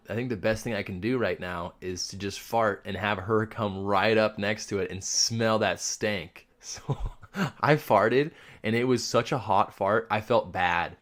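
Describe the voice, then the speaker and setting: Low-voiced laid-back young man. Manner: rambling storyteller, swears and laughs often. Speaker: podcast co-host. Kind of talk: casual chat.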